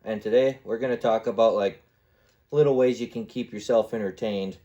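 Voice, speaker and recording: A man's voice: fairly low pitch, fairly even intonation, moderate pace, dark tone, highs cut off. A man hosting his own podcast, telling rambling stories in a casual monologue and now and then slipping into little voices. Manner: rambling storyteller who acts out little voices and sound effects. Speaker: podcast host.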